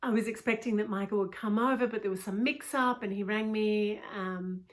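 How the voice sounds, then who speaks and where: A woman's voice: medium pitch, steady tone, normal speed. A middle-aged woman coach telling a personal story in an intimate way, with frequent "you know" asides and drops into a whisper.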